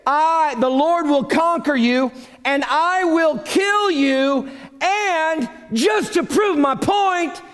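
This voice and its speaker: A bold young shepherd boy yells back at his foe with high, exuberant defiance, played by a preacher. His shouts echo down a long reverberant hall. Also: slow, heavily acted. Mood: defiant.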